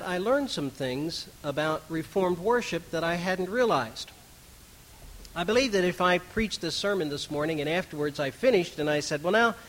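Middle-aged man as pastor, chatty animated sermon delivery, slightly high voice. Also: poor audio. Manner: conversational, animated preaching with asides.

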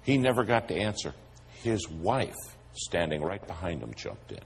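A man's voice: low-pitched, very animated, moderate pace, gravelly, a little hiss or hum. A male preacher, telling a humorous story in a sermon.

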